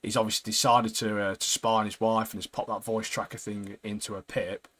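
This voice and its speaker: A man, co-hosting a podcast and casually recapping a TV episode in a chatty, animated way. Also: lowish voice, a little fast. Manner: chatty and animated, often laughing, frequent "mate". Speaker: podcast co-host.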